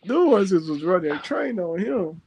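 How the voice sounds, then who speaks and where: Animated woman hosting a gossipy chat. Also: fairly low pitch, moderate pace. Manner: lively, animated storytelling. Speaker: host.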